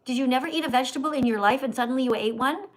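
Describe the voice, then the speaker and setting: A woman's voice: high-pitched, very fast, rough recording. A woman hosting a livestream, answering viewer questions with a preachy, scolding, teacher-like manner. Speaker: vegan livestream host.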